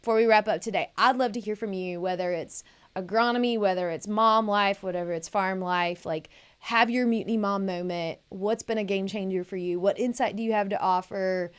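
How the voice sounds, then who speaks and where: A woman in her thirties co-hosting a casual podcast, talking in an animated, enthusiastic way with quick asides. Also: medium pitch, clear, resonant tone. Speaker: podcast co-host. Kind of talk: casual chat.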